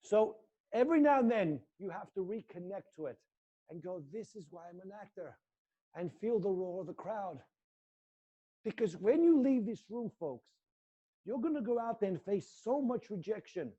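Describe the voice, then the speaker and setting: A man's voice: high-pitched, very animated, normal speed, warm tone, husky, dull audio. Intense, coaxing acting teacher, man. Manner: intense, coaxing, swears freely. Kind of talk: guided acting exercise in a live class.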